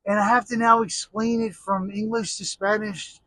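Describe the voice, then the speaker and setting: A man's voice: high-pitched, level tone, normal speed, pushed and bright, dry recording, low-quality recording. A middle-aged American man telling rambling, jokey stories in a casual monologue, full of restarts and asides. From United States.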